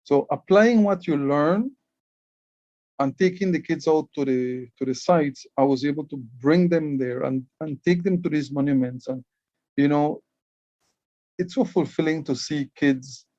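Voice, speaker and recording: A man's voice: fairly high pitch, normal speed, dark tone, no room sound, lo-fi sound. A man from Belize, giving an explanatory conference talk as a Maya writing educator, often repeating words as he starts a phrase. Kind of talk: conference presentation.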